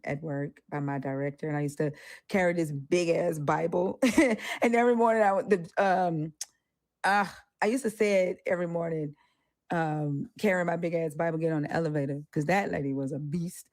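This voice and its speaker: A woman with a lowish voice talks bluntly and animatedly, cursing freely as she speaks her mind. The sound is dry and close. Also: moderate pace, no room sound. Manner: animated, swears freely, acts out quoted voices. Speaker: co-host. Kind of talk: casual panel discussion.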